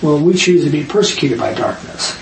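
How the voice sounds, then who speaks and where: A man leading a Bible study, reading verses aloud and arguing his points emphatically with quick asides. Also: fairly high pitch, sing-song, gravelly. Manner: emphatic, rapid asides, reads scripture aloud. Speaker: Bible teacher. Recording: echoey room, distant mic, faint hiss.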